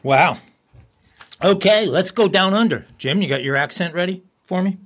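A man's voice: sits high, expressive, normal speed, fairly bright tone. A man co-hosting a crime podcast, reading news stories aloud with chatty, self-deprecating asides. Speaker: podcast co-host.

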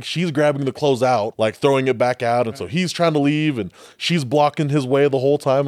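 A man's voice: medium pitch, lively intonation, brisk, few pauses, darkish tone, no room sound. A man, a police officer, casually telling a story about a call on a podcast. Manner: laid-back, swears casually.

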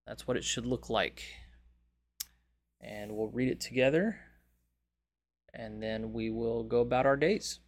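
A man hosting a daily Bible reading, praying and reading scripture aloud in a measured, reverent way. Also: mid-range voice.

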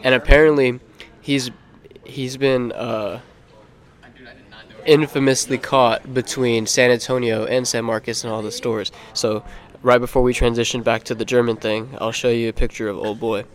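A young man co-hosts a laid-back podcast in an easygoing, joking way. His voice sits at an ordinary middle pitch. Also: little pitch movement, moderate pace. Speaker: co-host. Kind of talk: casual podcast banter.

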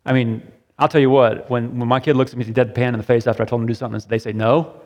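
A middle-aged man leads a sermon in a relaxed, conversational way, asking the group questions and punctuating points with "right?". His voice sits at a medium pitch, and it rings out in a long hall reverb. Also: rapid-fire. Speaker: pastor. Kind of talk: interactive sermon discussion.

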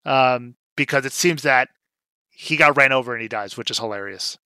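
A young man co-hosting a podcast recaps a movie's plot in a casual chat, his bright, forward voice at medium pitch and normal speed. He slips in wry, sarcastic asides and fills pauses with "um" and "like." The recording is clean and dry, close-miked with no room sound.

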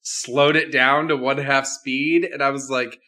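A man's voice: mid-range voice, steady tone, measured pace, sharp tone. A man co-hosting a podcast, chatting casually about a movie, laughing easily and acting out scenes as he retells them. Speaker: podcast co-host. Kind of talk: casual movie-review chat.

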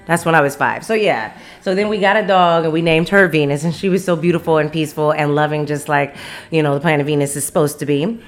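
A woman in her thirties from Las Vegas talks through her podcast in a low, easy voice. She rambles from one aside to the next and laughs often. Faint music sits under her voice. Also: fast. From Las Vegas, Nevada. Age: 30s. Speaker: podcast host. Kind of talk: casual solo podcast chat. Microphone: studio mic on camera.

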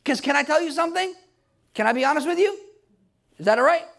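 A man preaching a sermon in an emphatic style, building up to shouts at its peaks. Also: very high voice, animated, fast, gravelly.

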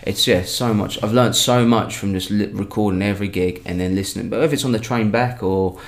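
A man's voice: fairly low pitch, fairly even intonation, a little fast. A man, a comedian, telling a story in a rambling, chatty way with many restarts. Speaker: comedian guest. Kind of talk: casual storytelling in a podcast chat.

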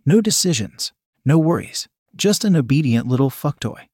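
A man narrating an adult story in a steady, even reading voice. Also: fairly high pitch, normal speed, no room sound, clean studio sound.

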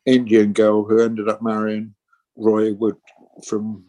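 A man's voice: on the low side, monotone, slow, mellow. A man in his sixties, a musician guest telling rambling stories and acting out the voices of people he quotes. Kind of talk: casual interview storytelling.

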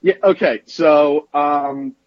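A man's voice: fairly high pitch, slow pace, no echo, muffled recording. A man from the Philadelphia area with a Philly accent, calling into a show with a rambling, self-deprecating story. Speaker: caller.

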